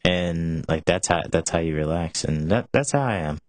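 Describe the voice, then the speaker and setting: Very deep-voiced young man hosting. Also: lively intonation, moderate pace, no room sound. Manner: rambling, with many restarts and filler "like". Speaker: show host. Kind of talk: casual rambling talk show.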